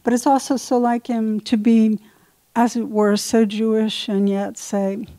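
An older woman, an author at a book talk, telling lively stories in a Q&A and often repeating words as she goes. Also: on the high side, measured pace, no room sound. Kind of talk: anecdotal talk and Q&A.

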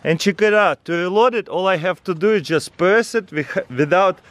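A man with a Russian accent, vlogging as he tests a dog toy outdoors and calls excitedly to his dog in a sing-song voice. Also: high-pitched, moderate pace, no room sound. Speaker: vlogger testing a pet toy. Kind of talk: casual vlog. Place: outdoors with dogs.

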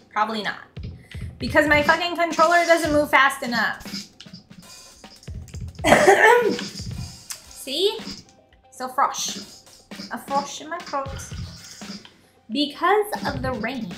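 Woman, streamer, high voice, sarcastic grumbling, swears a lot, game music behind. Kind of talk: casual live-stream chat while gaming.

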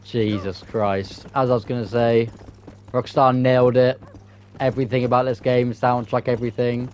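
A man's voice: medium pitch, flat delivery, normal speed, darkish tone. A man giving casual gameplay commentary as a channel host, swearing freely and laughing at himself in exasperation.

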